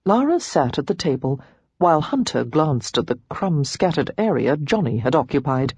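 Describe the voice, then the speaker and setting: A woman reading a romance novel aloud as an audiobook narrator, giving each character a pitch and tone of their own. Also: very animated, normal speed, a little mellow, husky, no room sound.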